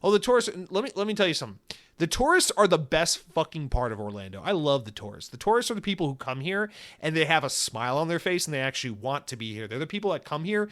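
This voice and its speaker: A man's voice: on the high side, fast talker. A young man hosting a solo podcast, rambling and swearing as he tells stories and rants. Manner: rambling, profane, animated storytelling. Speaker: podcast host. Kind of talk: casual solo podcast rant.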